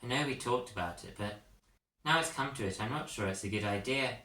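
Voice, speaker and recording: A man's voice: mid-range voice, a little fast, bright, forceful tone, close to an everyday voice. A man reading a storybook, voicing a hesitant, careful young pupil. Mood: cautious. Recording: roomy echo, mic at a distance.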